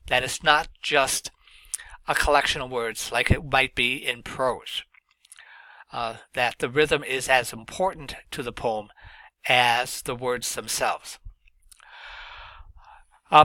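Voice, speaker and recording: A man lecturing on literature, explaining in a measured way with frequent filler sounds. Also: mid-range voice, pushed and bright, no echo, low-quality recording. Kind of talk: recorded lecture.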